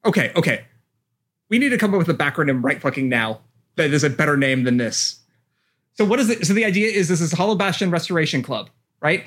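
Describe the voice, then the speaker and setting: A man's voice: on the high side, lively intonation, fast talker, a bit bright. A man co-hosting a casual gaming podcast, sardonic and swearing freely. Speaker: podcast co-host.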